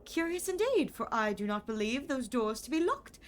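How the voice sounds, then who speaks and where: A woman's voice: a little high, sing-song, moderate pace, a little hiss or hum. A woman voicing a formal landlord who speaks in stiff, ornate, old-fashioned English. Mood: stately.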